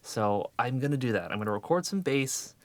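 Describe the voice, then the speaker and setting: With a mid-range voice and lively intonation, a thirtysomething musician vlogger rambles at a fairly quick clip in a sunny yard, wryly correcting himself as he goes. There is no room sound in the recording.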